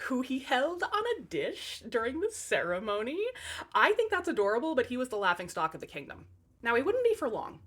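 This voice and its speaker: A woman's voice: high-pitched, fairly bright tone. A woman telling fairy tales in a comic narration, with sarcastic, wry asides to the audience. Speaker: storyteller.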